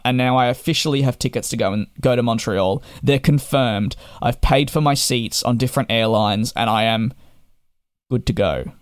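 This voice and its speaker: A young man talks straight to camera, recounting his troubles with emphatic exasperation. His voice sits at an ordinary middle pitch, and the recording is close and dry with no room sound. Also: clean tone, no echo. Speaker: travel vlogger. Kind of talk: casual monologue to camera.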